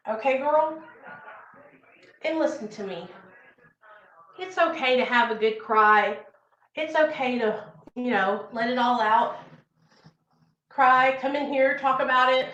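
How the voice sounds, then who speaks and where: A young woman with a high voice gives an earnest, encouraging pep talk on a casual livestream and keeps repeating her points. The sound is dull and lo-fi, with a roomy echo around her. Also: unhurried, a bit bright. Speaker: recovery livestream host. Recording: echoey room, dull lo-fi sound.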